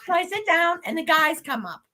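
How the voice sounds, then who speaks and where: A woman guest telling a story in a lively way, laughing often and acting out what people said. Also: very high voice, a little fast. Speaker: guest psychic medium. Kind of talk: animated storytelling.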